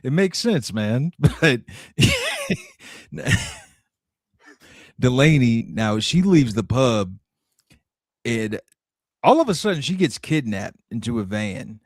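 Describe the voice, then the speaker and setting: Relaxed man co-hosting a podcast. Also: mid-range voice, slow pace, pauses often, no room sound, studio quality. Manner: relaxed, brief replies and summaries. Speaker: podcast co-host. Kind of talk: casual recap chat.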